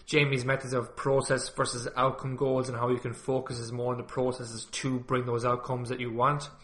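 A man's voice: mid-range voice, little pitch movement, moderate pace, fairly bright tone. A man hosting a podcast, introducing his guest in a chatty, loose way with restarts and fillers. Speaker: podcast host. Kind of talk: casual interview intro. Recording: roomy echo with faint music, slightly dull.

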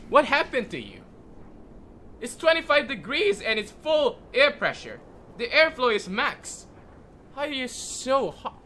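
Hyped guy gaming, high bright voice, talks to the enemies, yells and jokes a lot. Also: a little slow, a little hiss or hum. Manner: excitable, talks to game characters, sudden shouts; jokey, mock-sarcastic. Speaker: gameplay video creator. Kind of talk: casual gameplay commentary.

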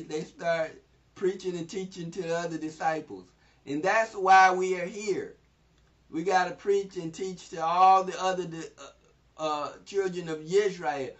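High-voiced man teaching scripture, distant. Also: fairly bright tone. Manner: laughs often, retells verses in plain speech. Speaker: Bible teacher. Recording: distant mic, dull lo-fi sound.

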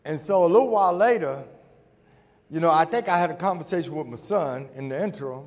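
A middle-aged man preaching a sermon, telling a story and acting out the dialogue before building to shouts. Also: a little high, animated, fairly quick. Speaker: pastor. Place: church sanctuary. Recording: church hall with long reverb.

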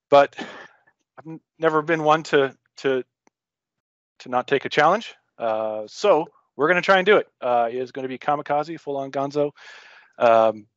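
A man presents to a user group over a video call, talking in a loose, rambling way and cracking jokes. His mid-pitched voice comes through dry and a little dull, like lo-fi online call audio. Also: normal speed, long pauses, a bit bright, no echo. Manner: rambling, self-interrupting, joking. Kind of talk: casual technical talk.

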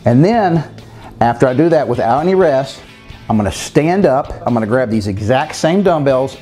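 A warm-toned man with a mid-range voice speaks animatedly at a moderate pace as he instructs a home workout over soft background music. Talking directly to viewers, whom he calls "guys," he walks through the exercises and counts the reps.

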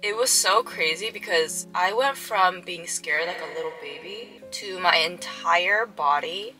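A woman's voice: lowish voice, unhurried, hardly any pauses, sharp tone, faint music behind, poor audio. A young adult woman vlogging, telling a story casually and animatedly, sometimes dropping to a whisper for suspense.

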